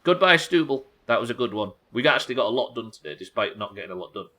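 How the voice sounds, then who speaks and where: A man's voice: mid-range voice, very animated, fast, pushed and bright. A young man hosting a live game stream, bantering with chat in a sweary, exasperated way. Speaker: streamer host.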